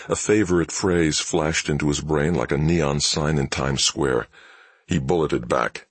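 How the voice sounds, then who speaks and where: A male narrator reading a thriller audiobook with a very deep, husky voice and a lively, rising and falling delivery. His pacing is measured, and the recording is dry and close with no room sound. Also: dry recording. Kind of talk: scripted dramatic narration.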